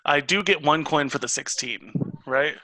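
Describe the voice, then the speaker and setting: A man's voice: a little high, normal speed, sharp tone, no echo, poor audio. A man playing in an online tabletop game, asking about rules and describing his character's actions. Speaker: player. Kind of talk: tabletop game play over a call. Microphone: online voice call.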